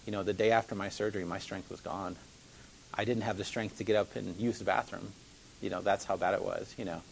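A man's voice: fairly low pitch, steady tone, fairly quick, gravelly, a little hiss or hum, poor audio. A man telling a personal faith testimony in an earnest, rambling way, full of fillers and restarts.

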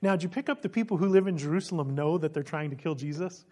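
A preacher giving an expository sermon in a lively way, asking the listeners questions and laughing now and then. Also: mid-range voice, fast talker.

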